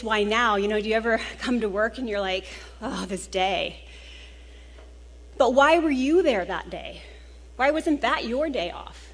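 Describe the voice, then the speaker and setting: Emotional woman opening a conference. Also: sits high. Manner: warm, earnest and emotional, with small laughs. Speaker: conference host. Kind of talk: welcome speech to a live audience. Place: conference hall.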